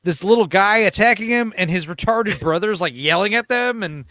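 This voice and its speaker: A man's voice: sits high, lively intonation, normal speed, sharp tone, no echo, studio quality. A man casually discussing a movie with a friend, animatedly retelling scenes and acting out the characters. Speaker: podcast co-host.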